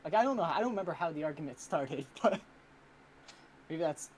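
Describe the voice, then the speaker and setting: A podcast co-host telling a story in a halting way, restarting often and trailing off. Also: medium pitch, expressive, slight background noise, poor audio. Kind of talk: casual chat.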